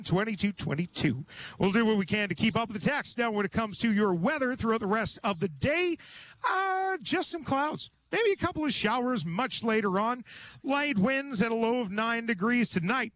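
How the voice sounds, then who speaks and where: A man hosting local radio casually from a remote event, relaxed and chatty. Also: very high voice, a little hiss or hum. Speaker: radio host. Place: remote broadcast at a fundraising event.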